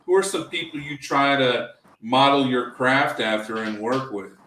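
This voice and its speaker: A casual, enthusiastic male host asks his guest questions in a relaxed, friendly tone. He sounds roomy and set back from the mic, with a faint hiss underneath. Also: medium pitch, moderate pace. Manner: enthusiastic, casual, says "man" a lot. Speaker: podcast host. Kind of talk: interview conversation. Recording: roomy, distant mic with faint background noise.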